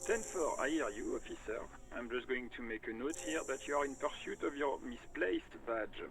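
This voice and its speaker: A man's voice: medium pitch, lively intonation, moderate pace, fairly bright tone, faint music behind, low-quality recording. An actor playing a male police radio dispatcher in a video game, speaking in dry, formal radio talk.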